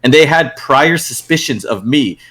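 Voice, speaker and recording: A young man hosting a casual podcast chat, telling animated stories, acting out his friends' lines and laughing often. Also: medium pitch, moderate pace. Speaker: podcast host.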